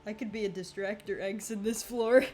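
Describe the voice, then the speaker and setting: A woman's voice: medium pitch, steady tone, moderate pace, soft background music. Chatty young woman streaming a game. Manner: chatty, laughs often, reacts loudly to the game. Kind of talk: casual gameplay commentary.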